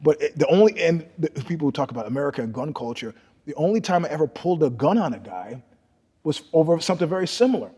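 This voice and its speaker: An older man with a husky, slightly breathy voice tells profane stories in a casual interview. He swings between loud, animated bursts and low, hushed asides. The room carries a long reverb behind him. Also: fast talker. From New York. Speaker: guest storyteller.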